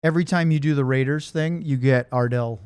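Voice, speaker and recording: A man's voice: medium pitch, brisk, a little mellow, smooth, no echo. A man hosting a sports podcast, thanking a guest and leading the talk in a friendly, upbeat way. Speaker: podcast host. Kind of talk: casual podcast chat.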